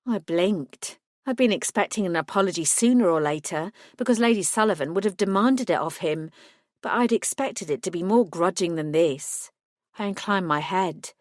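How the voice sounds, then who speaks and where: A woman narrating a first-person audiobook in a steady, clear storytelling voice. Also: fairly low pitch, normal speed, dry recording, studio quality.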